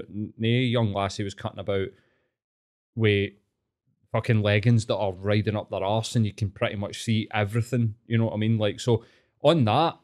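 A young man with a Glaswegian Scottish accent, telling stories in casual chat with heavy swearing. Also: fairly low pitch. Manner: sweary, animated storytelling.

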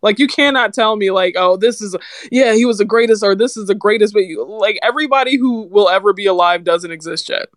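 A man co-hosting a podcast in casual chat, animated and swearing freely, acting out quotes. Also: sits high, brisk, no echo, clean studio sound. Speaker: podcast co-host.

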